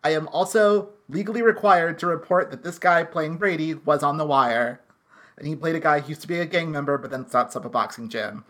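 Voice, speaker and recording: A podcast co-host recapping a TV episode in casual chat, brisk and full of "like" fillers, swearing now and then. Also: mid-range voice, fairly bright tone. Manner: chatty, frequent "like" fillers, brisk summarizing.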